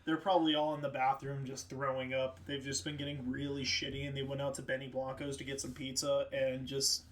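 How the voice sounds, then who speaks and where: A man's voice: medium pitch, completely flat delivery, brisk. A man in a casual podcast chat, joking and sardonic. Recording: distant mic.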